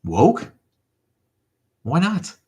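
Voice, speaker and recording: A man's voice: a little high, huge pitch swings, very slow, warm tone. A middle-aged man hosting a casual livestream, thanking viewers and ranting in a profane, rambling way. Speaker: livestream host. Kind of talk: casual livestream chat reading viewer comments.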